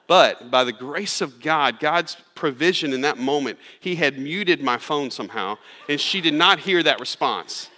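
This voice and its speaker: A high-ish, animated male voice, bright and forceful, drives this sermon at a slightly slow pace with few pauses. The pastor storytells casually, leaning on "like" and restarting often, while the church sanctuary's long reverb lingers behind him.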